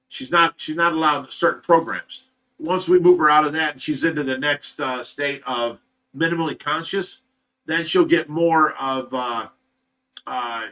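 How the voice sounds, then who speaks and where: A man's voice: fairly high pitch, bright, forceful tone. A man hosting a livestream, giving an earnest, emotional personal update in a rambling, casual way. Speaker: livestream host of a fish rescue.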